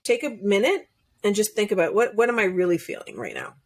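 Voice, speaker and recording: A woman's voice: medium pitch, wildly swooping pitch, brisk. A woman coach, a podcast guest, talking in casual interview chat, earnest and explanatory, laughing now and then.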